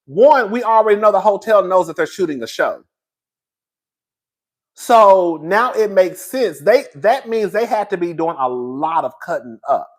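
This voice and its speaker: A man's voice: high-pitched, measured pace. A man hosting a casual show, gossiping and laughing as he recaps reality TV drama. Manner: animated, gossipy, laughs a lot. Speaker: host.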